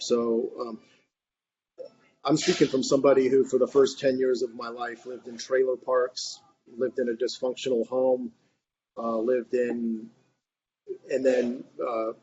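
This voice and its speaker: Rambling man with a flat voice. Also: mid-range voice. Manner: rambling, many fillers and restarts. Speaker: discussion participant. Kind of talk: casual discussion remarks. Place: online reading group. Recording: muffled, faint background noise.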